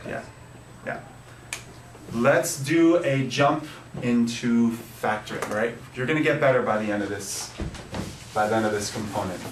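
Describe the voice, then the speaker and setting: A man's voice: mid-range voice, a little slow, pauses often, slight background noise. A man teaching a math class, playful and upbeat, quizzing his students. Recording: echoey classroom, mic at a distance. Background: students answering.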